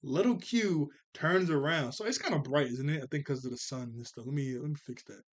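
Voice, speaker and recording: A young man with a fairly high voice runs through a cartoon episode in a casual, chatty way. He laughs often, sounds playful and gets animated when he makes his points. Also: brisk. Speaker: cartoon reviewer.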